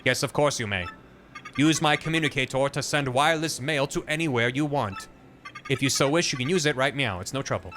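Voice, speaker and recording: A proud talking computer, played by a man, speaking in slow, flat, formal sentences. It sounds precise and self-assured, with a bright, forceful tone and a faint hiss behind it. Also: medium pitch, natural voice. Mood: stiff, formal. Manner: stiff, measured robotic delivery.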